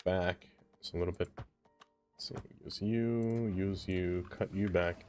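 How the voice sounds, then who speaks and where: A man streams a city-building game, chatting casually with viewers, laughing often and talking to himself as he builds, with faint music in the background. His low voice has a darkish tone, fairly even intonation, and a slightly slow pace.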